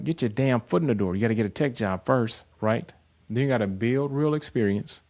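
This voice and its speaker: Blunt, profane man with a low voice. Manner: profane, animated, mocking. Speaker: host. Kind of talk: blunt motivational monologue.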